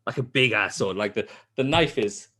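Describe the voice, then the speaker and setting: A man hosting a podcast, telling a game's story in casual chat, swearing often and mimicking characters. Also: moderate pace. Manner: animated storytelling, heavy swearing; acts out character lines in a high voice. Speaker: podcast host.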